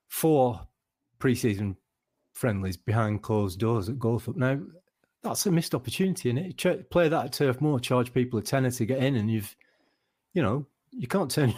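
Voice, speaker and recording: A man hosting a casual football podcast, wry and halting with many restarts. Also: mid-range voice, darkish tone, dry recording, clean studio sound. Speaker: podcast host.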